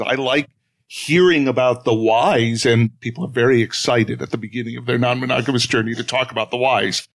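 A man speaking as a panelist in a casual live discussion, relaxed and joking. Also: mid-range voice. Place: live event with audience.

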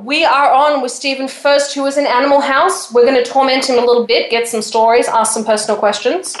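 A woman hosting a radio talk show, chatty and bubbly as she rattles off shout-outs. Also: on the high side, echoey room, a little hiss or hum, poor audio. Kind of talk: casual radio chat.

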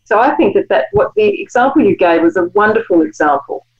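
A woman's voice: medium pitch, wildly swooping pitch, a crowd in the background. Reflective woman author, muffled recording. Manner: measured, reflective explaining. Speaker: author and guest. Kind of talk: conversational interview.

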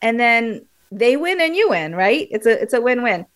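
A woman guest on a radio interview, explaining memory techniques in a lively, animated way with frequent fillers and restarts. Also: on the high side, normal speed.

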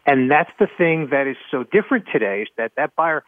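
Animated man on a tinny phone line. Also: fairly high pitch, a little fast, no echo. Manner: animated, emphatic, repeats words. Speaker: panelist. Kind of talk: conversational radio talk.

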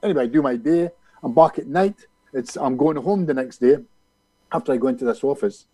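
A man, a hypnotist being interviewed, telling a story in an animated way and acting out other people's lines. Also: mid-range voice, a little fast, no echo, low-quality recording. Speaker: hypnotist guest.

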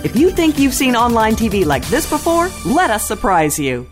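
Lively woman reading a radio ad. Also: fairly high pitch, moderate pace, loud music behind the voice. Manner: polished, promotional. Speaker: ad announcer. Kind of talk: scripted radio ad read.

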